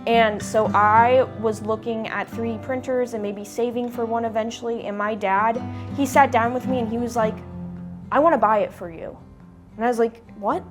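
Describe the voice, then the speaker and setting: A woman's voice: on the high side, fairly even intonation, moderate pace. A young woman in a documentary interview, explaining how she makes fursuits in a chatty way, filling her talk with "like". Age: young adult. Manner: chatty, peppered with "like". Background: background music.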